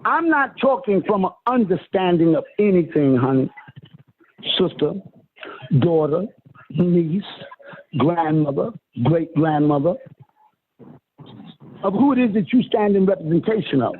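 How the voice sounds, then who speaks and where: High-voiced man preaching over a phone line. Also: expressive, a little slow, pauses often, slightly rough. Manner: emphatic, sweeping pitch, calls listeners honey and sister. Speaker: self-styled spiritual teacher. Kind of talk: preaching lecture on a phone call. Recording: tinny phone line with faint hiss.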